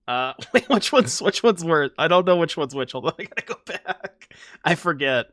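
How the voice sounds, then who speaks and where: Lively, chatty male game streamer. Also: on the high side, unhurried, no room sound, studio quality. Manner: chatty, self-mocking, talks to chat. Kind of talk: casual gameplay commentary.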